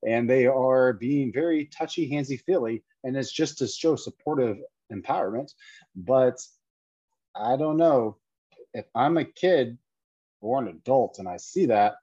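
A man's voice: mid-range voice, a little slow, mellow, slightly rough, no room sound, highs cut off. A man giving an indignant, lecturing commentary full of rhetorical questions. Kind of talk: opinionated commentary video.

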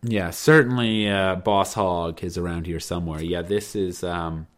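A man's voice: sits low, steady tone, unhurried, over music. A man co-hosting a podcast, chatting casually with wry, teasing, sarcastic asides. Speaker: podcast co-host. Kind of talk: casual chat about a reality show.

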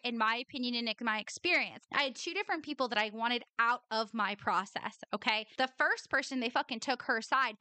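A woman's voice: on the high side, pushed and bright, dry recording. A young adult woman hosting a podcast, giving blunt, exasperated commentary on an old recording and swearing often. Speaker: podcast host.

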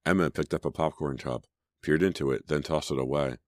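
Man, audiobook narrator, very deep voice, measured storytelling, dry close recording. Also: steady tone, no echo. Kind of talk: scripted narration.

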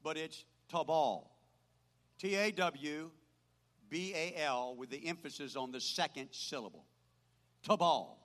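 An older man preaching a sermon as pastor, swinging from loud proclaiming to quiet asides. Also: fairly high pitch, normal speed. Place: church. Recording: hall reverb.

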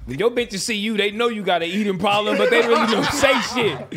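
A young man in a casual group chat, teasing friends and telling animated stories. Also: high-pitched, fairly quick, a loud crowd. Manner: joking, teasing, animated storyteller. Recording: noisy room with lively group.

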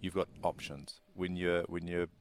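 A New man with a very low voice, a chief executive answering questions in a measured, businesslike way. A faint hiss of noise sits behind him. He sounds steady and practical. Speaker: racing industry chief executive, guest. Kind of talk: interview answers.

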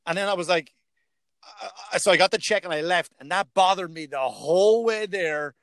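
High-pitched with vocal fry, this man speaks at normal speed on a dry recording. He's a stand-up comic in a relaxed chat, recounting gig stories, cursing freely, and performing other people's lines.

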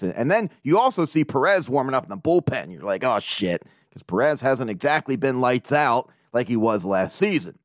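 A man hosting a casual sports talk podcast, animated and profane, laughing often as he rants. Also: mid-range voice, no room sound, studio quality. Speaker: podcast host.

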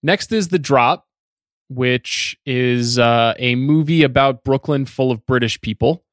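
A man hosting a film podcast, steering the discussion in a measured, casual way. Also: mid-range voice, dry recording, studio quality. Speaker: podcast host. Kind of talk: casual film-review chat.

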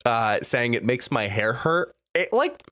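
A man's voice: mid-range voice, a little slow, dry recording, studio quality. A young man co-hosting a casual podcast, reading list entries aloud and reacting with frequent laughs. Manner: animated, laughs often, reads quotes with mock gravity. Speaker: podcast co-host.

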